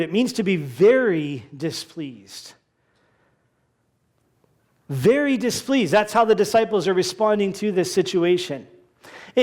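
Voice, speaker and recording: Pastor, male, high voice, conversational sermon delivery, acts out quoted voices. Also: a little mellow.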